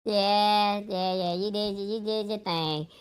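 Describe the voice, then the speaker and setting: A woman co-hosting a livestream, bantering in an animated, teasing way. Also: medium pitch, takes it slowly, clear, resonant tone. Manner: animated, teasing, laughs often. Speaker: co-host.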